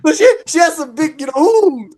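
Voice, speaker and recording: Lively storytelling podcast host man. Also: very high voice, a little fast. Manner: animated, acts out the people in his stories.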